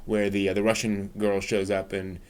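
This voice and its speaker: A man's voice: fairly low pitch, monotone, moderate pace, darkish tone, clean tone. A man hosting a casual chat, hesitant and full of "um"s. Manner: hesitant, many "um"s. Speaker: podcast host.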